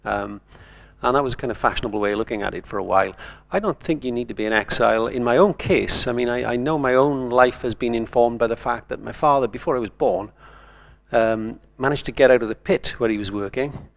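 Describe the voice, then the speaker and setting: A man's voice: medium pitch, brisk, creaky. An older man from Wales, a writer speaking on a conference panel in a thoughtful, digressive way.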